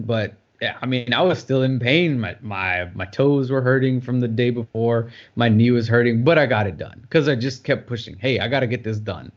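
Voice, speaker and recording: A man co-hosting a casual podcast, telling a long personal story in a loose, conversational way with plenty of fillers. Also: mid-range voice. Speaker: podcast co-host. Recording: dull lo-fi sound.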